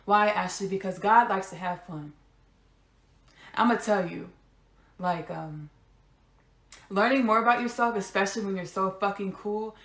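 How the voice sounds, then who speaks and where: A woman's voice: medium pitch, a bit bright. Spiritual podcast lady going on a monologue, repeats stuff a lot for emphasis, echoey room. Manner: repetitive, emphatic, casual asides. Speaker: podcast host.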